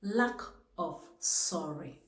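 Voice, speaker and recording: A woman's voice: on the low side, expressive, very slow. Emphatic Nigerian woman, echoey room. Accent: Nigerian English. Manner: emphatic, rhetorical questions, sudden exclamations. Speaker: vlogger giving marriage advice. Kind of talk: preachy advice talk to camera.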